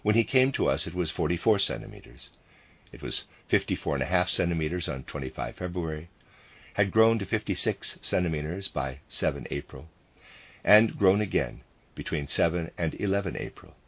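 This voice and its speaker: Deep husky man reading lectures aloud. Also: animated, highs cut off. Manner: measured, reads bracketed notes aloud. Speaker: audiobook reader.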